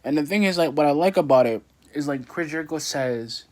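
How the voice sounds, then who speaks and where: A man's voice: a little high, animated, a little fast. A young man casually recapping a wrestling show, rambling with many fillers and restarts.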